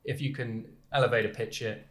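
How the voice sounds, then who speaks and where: A man's voice: medium pitch, steady tone, a little fast, fairly bright tone. A man hosting a casual podcast chat in a studio, talking in a rambling way with many fillers and restarts. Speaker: podcast host. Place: recording studio on the island of Jersey.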